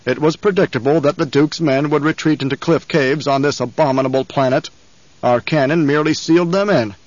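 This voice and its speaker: A man voicing a scheming, obese old baron, speaking slowly and with contempt. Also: on the high side, no echo, dull audio, close to an everyday voice. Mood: contemptuous. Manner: slow, sneering and domineering.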